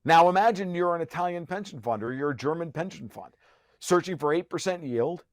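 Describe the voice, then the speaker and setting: Man, podcast guest, fairly high voice, sarcastic, profane, restarts sentences, dry close sound. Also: lively intonation, fairly quick, dry recording. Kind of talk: heated conversational rant.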